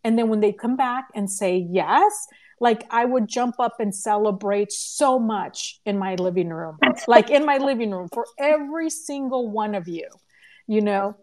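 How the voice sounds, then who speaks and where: Animated woman telling an excited story. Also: on the high side, measured pace. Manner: animated, laughing, acts out quoted voices. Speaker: conference organizer and podcast host. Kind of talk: casual storytelling in a live audio room. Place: home living room. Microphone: phone or computer mic in a live audio room.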